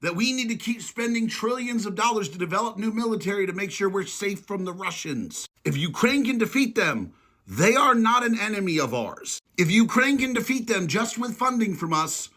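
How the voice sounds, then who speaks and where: A man's voice: high-pitched, expressive, moderate pace, pushed and bright. A man commentating on politics in a heated, profane rant, stretching out words for emphasis.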